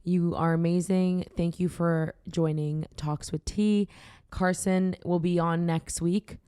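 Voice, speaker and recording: A woman's voice: fairly low pitch, fairly even intonation, takes it slowly, warm tone, clean tone, dry recording, studio quality. Playful young woman podcast host. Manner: playful, teasing, chatty. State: tipsy from drinking. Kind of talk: casual podcast banter.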